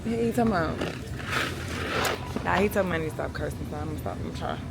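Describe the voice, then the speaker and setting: A woman's voice: deep voice, fast, vocal fry, over loud music. A young woman vlogging in a loose, chatty and informal way, talking straight to her viewers. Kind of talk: casual vlog chat to camera.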